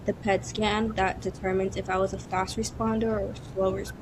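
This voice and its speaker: A young woman on a podcast, telling her story in an animated way and laughing often. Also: medium pitch, a little fast, background noise. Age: young adult. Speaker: guest, cancer survivor. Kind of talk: casual podcast chat.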